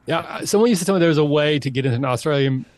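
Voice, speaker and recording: A man hosting a podcast, chatting casually through improv games with animated, high exclamations. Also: very fast, no room sound. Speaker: podcast host. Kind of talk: casual improv game chat.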